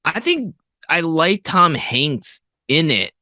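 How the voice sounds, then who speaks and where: A guest co-host on a movie review podcast chats casually but hesitantly, full of fillers and restarts. His fairly high voice is very animated yet slow, with a pushed, bright quality. There's no room sound, just clean studio audio.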